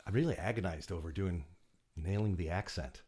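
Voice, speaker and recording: A man, an actor guest, talking in a casual podcast interview, with halting speech full of restarts and quick laughs. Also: sits low, darkish tone, husky.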